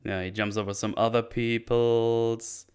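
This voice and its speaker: A man's voice: medium pitch, little pitch movement, a little mellow, clear, resonant tone. A man casually recapping a martial arts film, rambling and swearing freely. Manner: rambling, swears freely, puts on quick voices for characters. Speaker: film reviewer.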